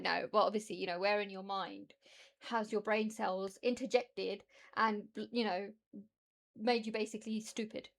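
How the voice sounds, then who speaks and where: A woman's voice: medium pitch, fairly even intonation, a little slow. A British woman streamer chatting casually and rambling, laughing often as she reacts to her chat.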